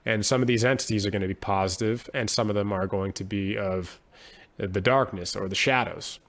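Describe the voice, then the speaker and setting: A man's voice: lowish voice, a little fast, fairly bright tone. A man speaking as a podcast guest, earnest and reflective, often restarting his sentences as he thinks aloud. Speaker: podcast guest, poet and musician. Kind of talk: conversational interview.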